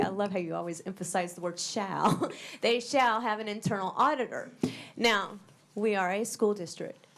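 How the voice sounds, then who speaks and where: Earnest emphatic woman at a board meeting. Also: medium pitch. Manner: earnest, emphatic, repeats key words. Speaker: school board member. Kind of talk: public meeting remarks.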